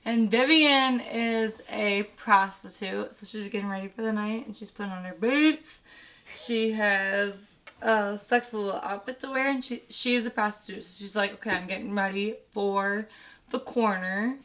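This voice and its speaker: A woman's voice: medium pitch, moderate pace, a bit bright. A young woman retelling a film as comedy, brash and swearing a lot, slipping into sassy character voices.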